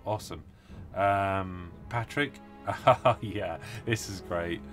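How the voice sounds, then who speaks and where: A British man with a deep, low voice hosts a casual live stream, rambling eagerly through his chat with plenty of ums. He sounds tired from too little sleep. Faint music plays softly behind him. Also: takes it slowly. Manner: enthusiastic, rambling with many fillers. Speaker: host of a tabletop wargaming live stream.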